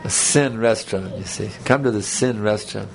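Gravelly-voiced man giving a rambling talk. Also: lowish voice, a little fast, slight background noise. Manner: conversational, rambling, joking asides. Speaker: spiritual teacher. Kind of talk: sermon with audience banter.

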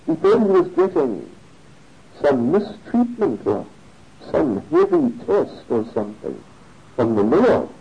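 A man telling a religious story in a sermon, animated and given to chuckling. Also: a little high, takes it slowly, vocal fry, slightly rough. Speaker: religious speaker. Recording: dull lo-fi recording.

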